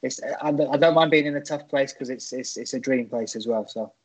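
A man's voice: mid-range voice, brisk, slightly rough, poor audio. A man, a stand-up comedian, chatting as a podcast guest and rambling through stories with many restarts. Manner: rambling storyteller, frequent restarts. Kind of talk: casual podcast chat.

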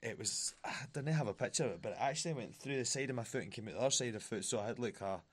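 A young Scottish fighter, a guest on a podcast, chats casually and laughs often as he tells stories, voicing the people he quotes. His husky, medium-pitched voice moves very fast.

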